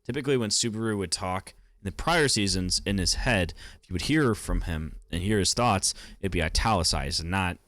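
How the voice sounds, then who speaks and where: A man's voice: low voice, a little fast, hardly any pauses, a bit bright, dry recording, clean studio sound. A young man giving casual anime commentary, rambling with lots of fillers and casual swearing.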